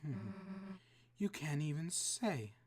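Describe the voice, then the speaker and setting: A woman voicing a gruff, surly female monster teenager with a low, menacing mutter. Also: expressive, slow, a little mellow, full character voice.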